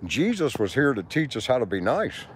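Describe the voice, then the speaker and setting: A man's voice: medium pitch, big pitch swings, moderate pace, slight background noise. A man in his sixties streaming live from an outdoor park, rambling and preaching to his viewers with plenty of swearing. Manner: preachy, profane, talks to viewers and passers-by. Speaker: livestreamer.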